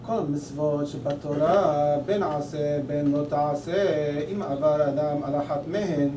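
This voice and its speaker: A man reads a text aloud in a class, racing through it. His voice sounds distant and echoing, with clear background noise. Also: fairly high pitch, steady tone. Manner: rushed reading. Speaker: student reading aloud. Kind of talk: rapid text recitation. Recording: distant, roomy, noisy.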